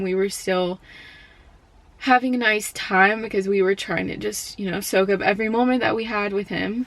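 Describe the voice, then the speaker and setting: A college student in her young adult years speaks straight to the camera in a personal vlog, close to tears. Her mid-range voice is soft and often falters, halting and filled with filler words.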